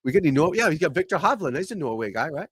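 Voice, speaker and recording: A man hosting a casual golf livestream, talking loudly, swearing and rambling as he chats with viewers. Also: on the high side, sing-song, rapid-fire, husky, no echo, poor audio. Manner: loud, swearing, rambling and frustrated. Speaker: golf pro livestream host. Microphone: desk mic at computer.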